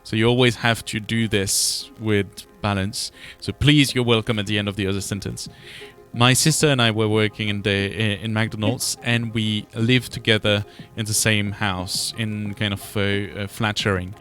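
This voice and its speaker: A man hosting a casual podcast chat, halting and laughing often. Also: lowish voice, flat delivery, fairly bright tone, faint music behind. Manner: halting, many restarts and laughs. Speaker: podcast host.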